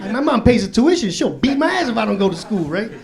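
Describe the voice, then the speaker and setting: A man's voice: high voice, very animated, fast talker, gravelly. A man from doing a stand-up comedy set, telling profane, slangy street stories on a club stage. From Chicago, USA. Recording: live comedy club with loud crowd. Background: audience laughing.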